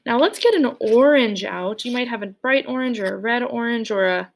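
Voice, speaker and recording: Gravelly-voiced woman teaching kids to draw. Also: a little high, lively intonation, normal speed. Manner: cheerful, playful, speaks directly to kids. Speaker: art teacher. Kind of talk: children's drawing lesson.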